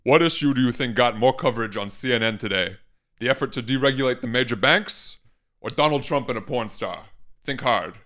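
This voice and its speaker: Brief: gruff older New Yorker politician, aggressive and scolding, as a podcast host puts him on. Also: male voice, mid-range voice, fairly quick, a bit bright, close to an everyday voice. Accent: New York.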